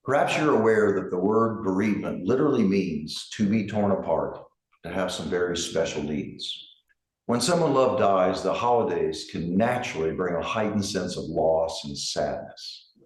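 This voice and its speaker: A middle-aged man, a grief counselor, giving a gentle, measured reflective talk with emphasis on key words. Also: deep voice, animated. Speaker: grief counselor and center director. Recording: roomy echo.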